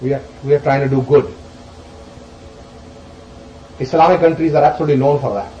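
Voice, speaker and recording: A man teaching a group as he explains scripture verses, animated and emphatic, swinging between loud questions and soft asides. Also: mid-range voice, brisk, roomy sound, lo-fi sound, a little hiss or hum. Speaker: spiritual teacher.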